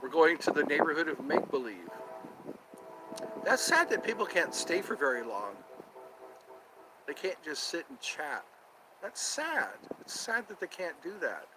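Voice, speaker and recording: Slow, rambling man on a livestream. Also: fairly high pitch, huge pitch swings, background noise. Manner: rambling, repeats himself, thinks aloud. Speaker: livestream host. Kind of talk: casual solo livestream chat. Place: outdoors near his home.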